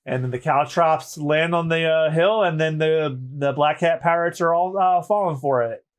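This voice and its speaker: A man's voice: on the high side, normal speed. A man co-hosting a podcast, narrating the action of a comic aloud with voices. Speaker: podcast co-host.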